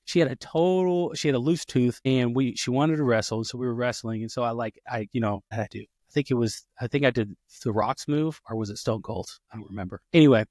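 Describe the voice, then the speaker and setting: A man's voice: medium pitch, brisk, hardly any pauses, a little mellow, dry recording, clean studio sound. A man hosting a podcast, chatting casually, rambling with many restarts and fillers, and acting out the dialogue he quotes. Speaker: podcast host. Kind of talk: casual conversation.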